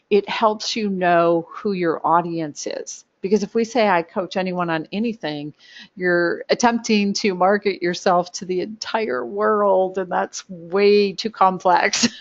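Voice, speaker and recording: A middle-aged woman hosting a coaching webinar, explaining ideas in a lively, upbeat way and laughing easily. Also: mid-range voice. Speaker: coaching instructor and webinar host. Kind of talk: webinar teaching. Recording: dull muffled audio.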